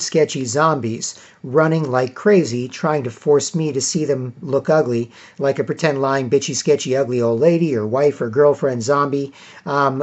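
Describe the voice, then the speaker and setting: A Canadian man rambling in a casual monologue to camera, often clearing his throat and repeating himself. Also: medium pitch, a little mellow, lo-fi sound. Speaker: video blogger.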